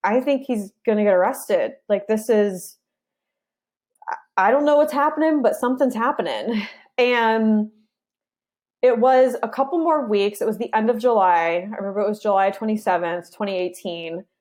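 A woman's voice: mid-range voice, normal speed, a little mellow. A young woman, an interview guest, telling a personal story in a casual way and acting out her side of past conversations.

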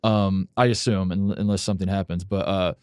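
A man's voice: low-pitched, steady tone, a little fast, a little mellow, clean tone, no echo, clean studio sound. A man hosting a podcast in casual chat, rambling with many restarts and casual swearing. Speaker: podcast host.

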